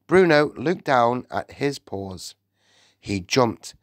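A man's voice: mid-range voice, slow pace, no echo, clean studio sound. A man reading a children's novel aloud as a storyteller. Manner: storytelling, lively. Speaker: audiobook reader. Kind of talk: scripted narration.

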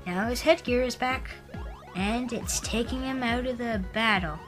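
A woman giving casual commentary on a video game, rambling and halting with lots of fillers. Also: fairly high pitch, over music, poor audio. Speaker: let's player.

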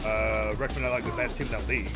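A man's voice: on the low side, fairly even intonation, fast talker, loud music behind the voice. A man streaming a video game, chatting casually with viewers in a rambling way and swearing freely. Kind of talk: casual live-stream chat while gaming.

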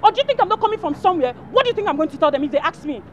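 A fiery young fiancée, high-pitched and rapid, full of threats. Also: female voice, sing-song, lo-fi sound, a little hiss or hum. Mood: furious. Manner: shouting, threatening. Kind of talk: film drama.

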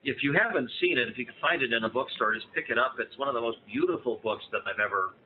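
A man's voice: mid-range voice, fast talker. Man in his fifties on a tinny line. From American. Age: 50s. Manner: enthusiastic, chatty, many restarts. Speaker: guest author. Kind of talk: casual interview over a call. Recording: tinny phone-like line, faint noise.

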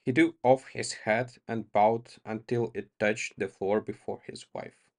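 Slow, halting man reading a story. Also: on the low side, steady tone. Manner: halting, stops to correct himself. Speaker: reader.

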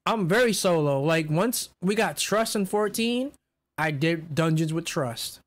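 Profane, animated man telling stories. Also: on the high side, a little slow. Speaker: podcast co-host. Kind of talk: casual chat.

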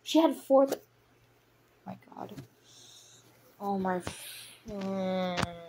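A young woman casually reading a story aloud, giggling and reacting excitably to the plot as she goes. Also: medium pitch, extremely slow, slight background noise. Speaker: audiobook reader.

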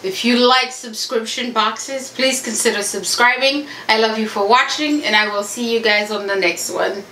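Bright-voiced woman chatting, echoey room. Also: a little high, normal speed, slight background noise. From Haiti. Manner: chatty, gushing, addresses viewers as y'all. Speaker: beauty vlogger. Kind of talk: casual unboxing review. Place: home room with family noise around.

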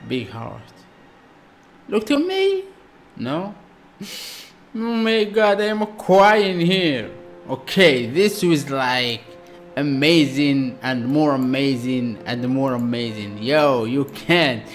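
A man, not an English speaker, excitedly reacting to a music video in broken English with lots of exclamations. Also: mid-range voice, slow.

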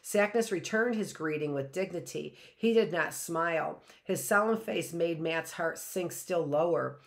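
A woman teacher reading a children's story aloud, slow and deliberate. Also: lowish voice, vocal fry.

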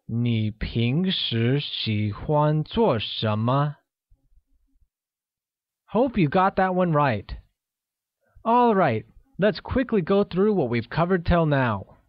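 A man reading a scripted language lesson, slowly spelling out each phrase for learners. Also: a little high, no room sound. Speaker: language teacher. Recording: dull, lo-fi voice-over recording.

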